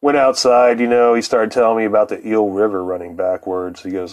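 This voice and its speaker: A man's voice: on the low side, little pitch movement, brisk, hardly any pauses, darkish tone. A man tells a long, swearing-laced personal story in loose, rambling fashion. He often chuckles mid-sentence, and his voice sometimes drifts away from the microphone. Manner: profane, rambling, laughs often.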